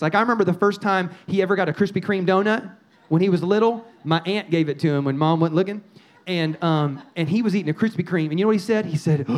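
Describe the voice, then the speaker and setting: A middle-aged man preaching a sermon as pastor, animated and punchy, with quoted asides and repeated phrases. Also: high voice.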